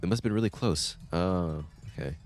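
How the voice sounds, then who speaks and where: A male streamer giving chatty, animated commentary while playing a game, breaking into laughing rants. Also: sits low, a little fast, faint music behind. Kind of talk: let's-play commentary.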